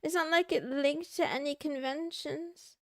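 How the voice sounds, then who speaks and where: A woman's voice: sits high, fairly even intonation, a little slow, dry recording, studio quality. A young woman streamer chatting casually to her chat, playful and a bit whiny, meowing and muttering to herself. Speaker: VTuber livestreamer.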